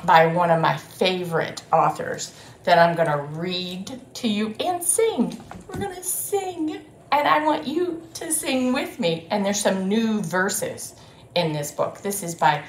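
A woman leads a library storytime for small children in a lively, sing-song manner. She speaks slowly, drawing out each word. The room around her rings with echo. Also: mid-range voice, a little hiss or hum. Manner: animated, sing-song, addresses children and grown-ups. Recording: roomy echo.

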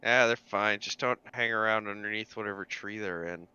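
A man's voice: lowish voice, normal speed, sharp tone, clear, resonant tone. A man playing a tabletop game, joking and laid-back, over a dull, dry mic. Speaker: player. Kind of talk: casual tabletop game chat.

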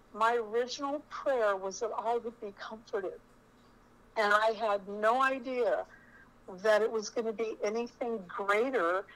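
A middle-aged woman telling a personal story in an earnest, halting way, often restarting her sentences. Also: mid-range voice, fairly bright tone, low-quality recording. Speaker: spiritual storyteller.

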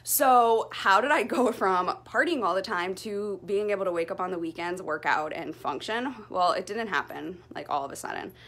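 A woman's voice: mid-range voice, normal speed, hardly any pauses. A young woman vlogging casually at home after a workout, still short of breath, chatty and candid. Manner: chatty, candid, lively storytelling. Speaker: fitness vlogger. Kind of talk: casual talk to camera.

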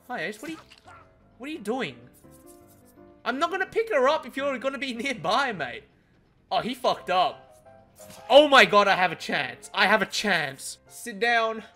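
A young man giving live gameplay commentary, excitable and swearing often as he mutters to himself. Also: high-pitched. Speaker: gaming streamer.

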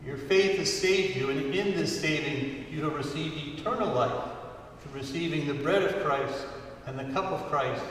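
A man preaching a sermon as a priest to his congregation, earnest and unhurried, with emphatic rises on key words. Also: on the high side, fairly bright tone, a little hiss or hum. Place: church sanctuary. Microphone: distant room mic. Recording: far-off voice in echoey church hall.

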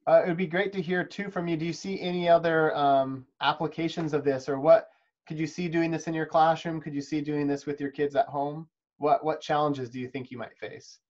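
A man's voice: a little high, fairly even intonation, fairly quick, a little mellow, muffled recording. A man leading an instructional webinar for preschool teachers, explaining in a friendly, encouraging, practical way over a video call. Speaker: webinar presenter teaching chess to preschool educators. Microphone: video call microphone.

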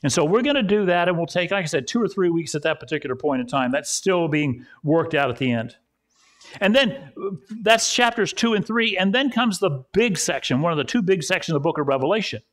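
Male pastor, sermon, fairly high-pitched voice, chatty storytelling delivery, repeats lines for emphasis. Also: very animated, brisk. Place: church service.

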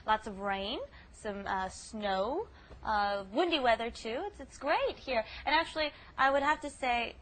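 A woman's voice: on the high side, lively intonation, a little slow, fairly bright tone. A woman co-hosting a casual language lesson podcast, chatty and laughing as she explains patiently. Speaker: language teacher co-host.

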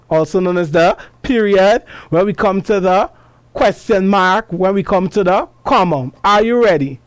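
A woman's voice: mid-range voice, dry recording. A woman teaching a class lesson, asking questions and answering them herself. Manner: slow, deliberate, asks questions and answers them; reads passages aloud with expression.

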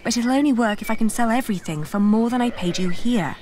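A woman's voice: fairly high pitch, fast talker, a little mellow, slight background noise, natural voice. An actress playing a resourceful young noblewoman who talks in an earnest, persuasive and reassuring way in a video game. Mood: bargaining. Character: young noblewoman, resourceful and determined older sister.

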